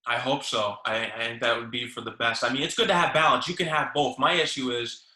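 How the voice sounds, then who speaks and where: Male show host, sharp and forceful tone, eager and agreeable, roomy echo. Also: mid-range voice, fairly even intonation. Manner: eager, agreeable, quick interjections. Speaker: podcast host. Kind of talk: casual interview chat.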